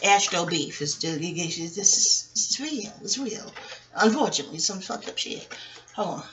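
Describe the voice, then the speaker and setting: A woman's voice: on the low side, moderate pace, faint music behind. A woman vlogger at home, talking in a rambling casual monologue full of profanity and laughter as she reviews reality TV. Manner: profane, animated ranting with frequent laughs.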